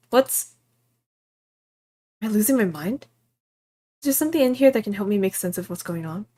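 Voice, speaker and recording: A woman voicing a bitter, suspicious old woman in a visual novel, sharp-tongued and quick to curse. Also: fairly high pitch. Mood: bewildered. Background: game music.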